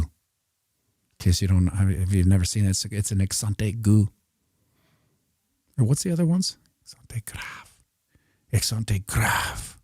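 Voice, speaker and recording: Middle-aged male streamer, low and mellow, dry close sound, loose jokey chart-talk with mumbled asides. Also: no echo. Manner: rambling, jokey, muttering asides while drawing on a chart. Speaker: crypto streamer. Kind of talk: casual live chart commentary.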